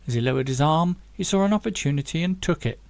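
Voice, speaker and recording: A man reading his own novel aloud in steady, dramatic audiobook narration. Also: fairly high pitch, quick pace, vocal fry, dry recording.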